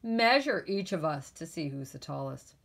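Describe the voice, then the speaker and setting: A woman's voice: sits low, very animated, moderate pace, creaky, a bit bright, heavily acted. A woman voicing a timid little ape boy, a nervous younger brother, in a storybook read-aloud. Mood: eager.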